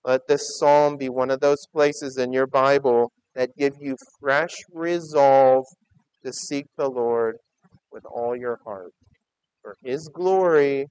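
Smooth-voiced pastor preaching with urgent emphasis. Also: male voice, medium pitch, slow pace, no echo, poor audio. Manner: conversational and emphatic, swinging between loud urgings and quiet asides. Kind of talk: sermon.

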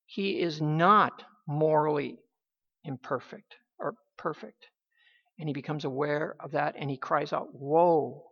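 A woman preaching a sermon in a halting, emphatic way, with many restarts. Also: deep voice, breathy edge. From United States. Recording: dull lo-fi recording.

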